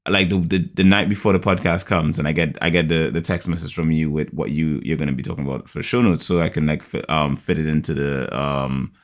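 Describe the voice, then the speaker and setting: A man's voice: a bass voice, fairly even intonation, fairly quick, hardly any pauses. A man from the United Kingdom hosting a podcast in casual chat, rambling with lots of fillers, in a groggy morning voice. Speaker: podcast host.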